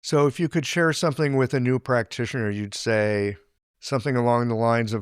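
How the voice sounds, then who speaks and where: A man hosting a podcast interview, speaking in a halting, reflective way. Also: mid-range voice, fairly even intonation, smooth, dry recording, studio quality. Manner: halting, many fillers and restarts, reflective. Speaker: podcast host.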